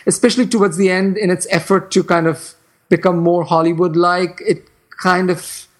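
A man weighs up a film on a casual podcast. He speaks in a measured way, hedges often and fills pauses with "you know" and "kind of". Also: high voice, fairly even intonation. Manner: measured, hedging, many fillers. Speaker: podcast co-host, film reviewer. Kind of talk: casual chat.

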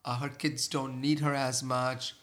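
A man's voice: mid-range voice, flat delivery, unhurried, a bit bright. A man co-hosting a film podcast, reviewing movies in an enthusiastic, rambling way with many fillers. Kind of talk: casual film review chat.

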